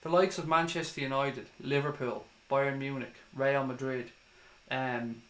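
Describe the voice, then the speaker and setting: A man's voice: mid-range voice, steady tone, a little slow, a bit bright. Irish male fan-channel host, ranting and profane, echoey room. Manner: heated, swearing, ranting. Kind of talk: livestream commentary reading comments.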